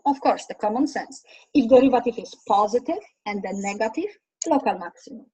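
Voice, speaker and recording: Husky-voiced woman teaching math. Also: a little high, lively intonation, brisk, a little mellow, poor audio. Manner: talks through steps, asks students questions. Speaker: math lecturer. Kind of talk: recorded lecture over slides.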